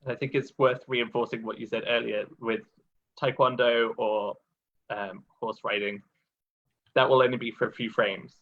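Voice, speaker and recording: A man on a dialect coach panel, speaking in an emphatic, measured way. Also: mid-range voice, steady tone, dry recording. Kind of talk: live panel discussion. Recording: dull lo-fi dry sound.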